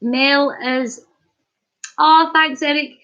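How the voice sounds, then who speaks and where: A woman's voice: high-pitched, steady tone, extremely slow, bright, forceful tone, lo-fi sound. A woman hosting a casual live stream, chatting and joking as she reads viewer comments. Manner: chatty, jokey, punning, laughs often. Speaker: livestream host.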